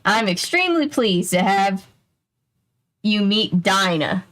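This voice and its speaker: A woman voicing a greedy, smug Texan rancher man with a put-on Texas accent and a slow drawl. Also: medium pitch, very animated, fairly bright tone.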